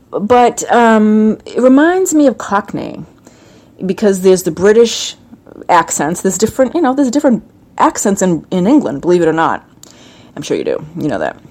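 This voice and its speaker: A woman talks through a casual comedic monologue with a chatty, rambling flow. Her pitch swings widely and animatedly as she goes, breaking into playful impressions. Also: darkish tone. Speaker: host.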